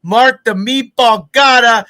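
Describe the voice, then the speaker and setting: A man co-hosting a podcast, chatting casually, energetic and full of questions. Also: extremely high pitch, takes it slowly. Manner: energetic, inquisitive. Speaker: podcast co-host. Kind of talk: casual chat.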